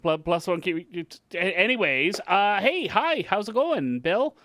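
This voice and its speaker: A man hosts a gaming podcast in a loose, jokey way, poking fun at himself. His voice sits fairly high for a man. It is recorded close and dry. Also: big pitch swings, unhurried, bright, forceful tone, no room sound. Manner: self-deprecating, laughs often, jokey. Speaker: podcast host. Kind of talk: casual podcast chat.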